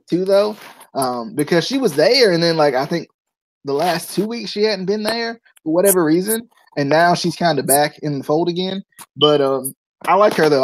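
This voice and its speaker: A man's voice: a little high, a little hiss or hum, low-quality recording. A man co-hosting a casual wrestling review podcast, talking loosely and playfully and tripping over names. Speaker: podcast co-host.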